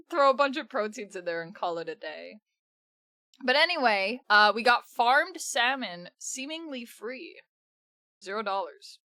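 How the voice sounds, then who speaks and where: A woman's voice: on the high side, sharp tone, no echo, studio quality. A woman streamer reacting in casual live-stream commentary, swearing a lot and breaking into laughter.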